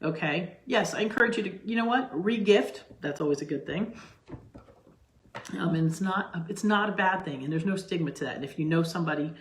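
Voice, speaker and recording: A woman's voice: fairly low pitch, a little fast, slight background noise. A middle-aged woman hosting her own cooking channel, chatting casually to camera from her home kitchen and rambling through asides and restarts. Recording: roomy, echoey kitchen sound.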